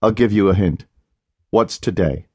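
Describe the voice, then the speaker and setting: An easygoing, smirking husband brushes off his wife's panic, as a male narrator plays him. He talks in a low, dry, amused tone. The sound is close and free of room echo. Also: unhurried, a little mellow, husky. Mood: wry. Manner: dry, amused, matter-of-fact. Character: laid-back, teasing husband, unbothered and smug.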